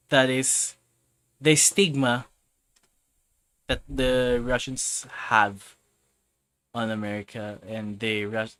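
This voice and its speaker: Bright-voiced man rambling on a stream. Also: mid-range voice, dry recording. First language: not English. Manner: rambling, restarts and repeats himself. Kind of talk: casual live-stream chat.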